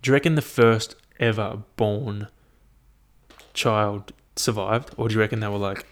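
Musing to himself at a measured pace, a young man with a lowish voice rambles through a loose, foul-mouthed monologue, lively and full of filler words.

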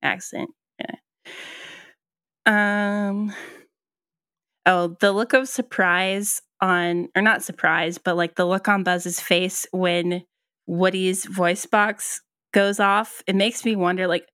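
A woman's voice: medium pitch, steady tone, slow pace, fairly bright tone, no echo, studio quality. A woman co-hosting a podcast, musing casually with many ums and restarts. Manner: thoughtful, hesitant, many ums and likes. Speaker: podcast co-host. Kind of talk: casual chat.

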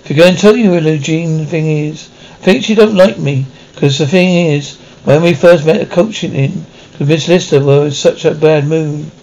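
An actress playing a shy, gentle young gentlewoman of the 1830s in a period drama, talking in a hesitant, apologetic way. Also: deep voice, normal speed, poor audio. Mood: earnest.

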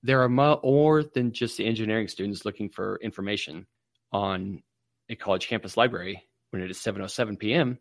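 A man hosting a livestream, rambling through absurd comic stories in a deadpan way. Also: lowish voice, a little fast, no room sound, clean studio sound. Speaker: livestream host.

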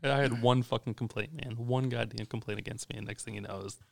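A man's voice: mid-range voice, fairly even intonation, fast talker, vocal fry, dry recording. A young adult man co-hosting a casual podcast, venting heatedly and swearing often about work. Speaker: podcast co-host.

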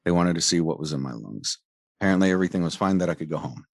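Deep-voiced man, angry and profane. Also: animated, racing, gravelly, dry recording, studio quality. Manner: profane, heated, rambling. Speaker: former medic telling his story. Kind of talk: angry personal account.

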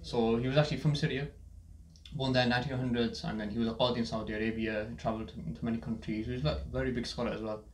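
Male podcast host, rapid, storytelling style, roomy echo, medium pitch. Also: flat delivery. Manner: storytelling, many fillers and asides. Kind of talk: casual podcast chat.

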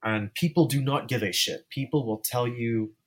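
A male guest in a relaxed interview, talking in a mid-range voice. He rambles, circles back, and restarts his sentences while speaking candidly. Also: mid-range voice, normal speed. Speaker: guest filmmaker. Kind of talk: casual interview chat.

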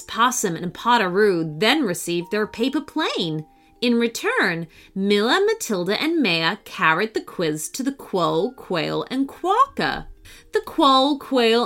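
A woman's voice: mid-range voice, fairly bright tone. A woman narrating a children's storybook, reading alliterative animal lists in a sing-song way.

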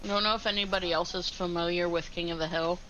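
A woman's voice: lowish voice, fairly even intonation, fast, a bit bright, muffled recording, slight background noise. A woman playing a tabletop game with friends, chatting in a playful, joking way. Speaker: player. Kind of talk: casual tabletop role-play.

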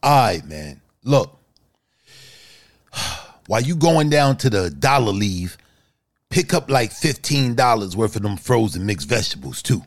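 A man playing a loud slangy line cook. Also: on the low side, very animated, unhurried, pauses often. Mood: hustling. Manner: loud, slangy, hustling kitchen talk. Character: brash young male line cook. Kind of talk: comedy sketch.

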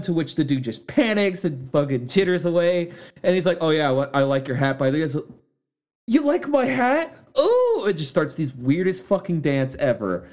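A man's voice: a little high, a little mellow. A man co-hosting a casual movie review podcast, teasing and swearing freely. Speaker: podcast co-host.

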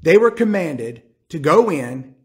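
Male preacher, higher voice, dramatic sermon delivery that voices the characters. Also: very animated, measured pace. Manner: acts out biblical characters with rising intensity.

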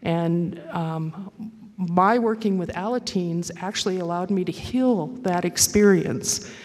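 A woman giving a halting, reflective personal testimony at a recovery meeting, with many pauses and fillers. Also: on the low side, a little mellow, long reverb tail.

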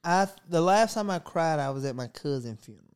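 Joking woman with a lively, swinging voice. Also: deep voice, fairly quick, clear, resonant tone. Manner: joking storyteller who acts out her own thoughts. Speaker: podcast co-host. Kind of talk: casual chat.

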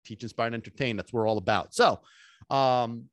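Excitable man hosting a dog podcast. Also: mid-range voice, fairly quick, no room sound. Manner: excitable and emphatic, drops in Sicilian phrases, swears casually. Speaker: dog trainer and podcast host. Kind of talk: energetic solo podcast talk.

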